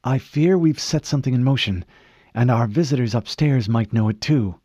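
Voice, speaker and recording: A man voicing a husky, commanding woman scientist. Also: mid-range voice, normal speed, warm tone, no echo, clean studio sound, close to an everyday voice. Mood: urgent, clipped. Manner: clipped, urgent orders. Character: brisk urgent older woman scientist, commanding. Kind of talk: audiobook character voice.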